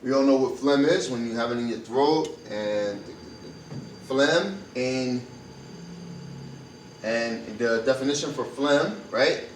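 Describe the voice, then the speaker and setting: A man's voice: medium pitch, slow pace, pauses often, echoey room, far from the mic, a little hiss or hum, rough recording. A man teaching medical Spanish vocabulary in an informal class, repeating and spelling words out and thinking aloud as he goes. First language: English. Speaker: Spanish teacher for health workers.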